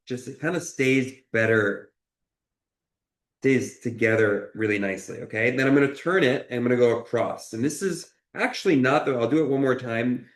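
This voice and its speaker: Encouraging man chef, roomy sound. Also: medium pitch. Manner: encouraging, checks in with a frequent "okay?". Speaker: chef and cooking instructor. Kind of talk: cooking demonstration. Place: kitchen.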